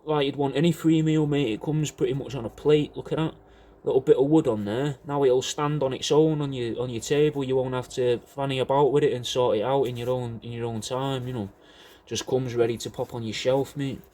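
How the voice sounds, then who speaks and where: A man who is a taxidermy artist shows his work and gives a rambling, deadpan sales pitch for it. He talks briskly and slangily, swears, and says "mate" a lot.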